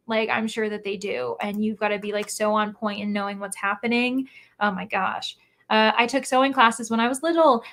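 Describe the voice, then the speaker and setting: Chatty woman, slightly high voice. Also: fairly bright tone. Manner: chatty, many "like" fillers, upbeat. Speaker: livestream host reading chat. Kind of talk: casual live chat.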